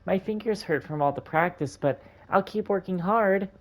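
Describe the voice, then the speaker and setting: A man's voice: high-pitched, moderate pace, voice pushed up. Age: child. Figure: a man voicing a chirpy little girl. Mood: bright, eager. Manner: chirpy and polite. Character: young girl, eager piano student.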